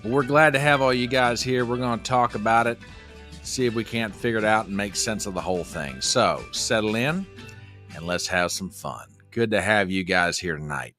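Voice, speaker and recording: A man's voice: lowish voice, normal speed, faint music behind. A man hosting a casual livestream, folksy and talkative, reading viewer comments aloud. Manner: folksy, animated, reads chat comments aloud. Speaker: livestream host.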